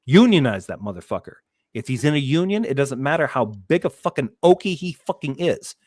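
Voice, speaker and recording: A man's voice: fairly high pitch, animated, brisk, darkish tone, no room sound, studio quality. A man on a panel chat, ranting and swearing hard as he gets more worked up. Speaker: panel guest. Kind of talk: heated casual chat.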